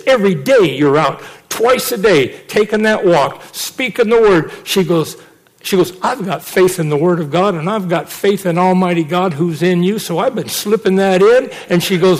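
High-voiced animated male preacher. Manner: animated storytelling, acts out quotes. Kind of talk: sermon with personal testimony.

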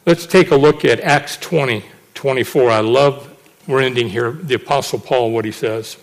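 A man's voice: medium pitch, normal speed. A middle-aged man preaching a sermon, telling a personal testimony and acting out the people he quotes. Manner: animated storytelling, acts out quotes.

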